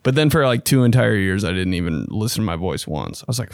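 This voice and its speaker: A young man hosting a casual podcast monologue, excitable and slangy, swearing freely and often jumping into high mocking voices. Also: fast talker, creaky, dry recording, studio quality. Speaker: podcast host.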